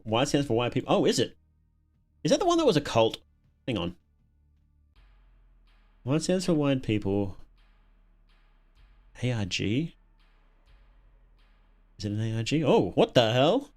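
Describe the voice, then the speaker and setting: A man's voice: mid-range voice, very animated, unhurried, long pauses, darkish tone, soft background music. Chatty Australian man streaming. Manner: chatty, chuckles often, repeats words while thinking. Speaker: livestream host reacting to videos. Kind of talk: casual livestream reaction chat.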